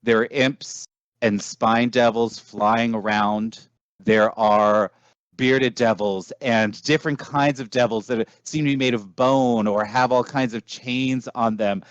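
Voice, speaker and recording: A man narrating a tabletop game as game master, slow and halting as he describes the scene. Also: mid-range voice, fairly even intonation, smooth, no room sound. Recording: dull lo-fi dry sound.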